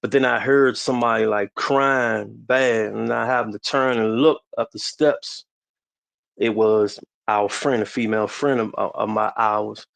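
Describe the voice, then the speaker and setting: A man in his forties from the DC area, a podcast guest telling a personal story slowly and haltingly, with many restarts. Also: on the low side, fairly even intonation, creaky, fairly bright tone, no room sound. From DMV area, US.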